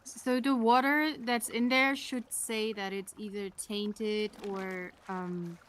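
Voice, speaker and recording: A woman's voice: medium pitch, fairly even intonation, takes it slowly, a bit bright, slight background noise. A woman playing along on voice chat, helpfully explaining how things in the game work. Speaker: fellow player. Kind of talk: casual gaming chat.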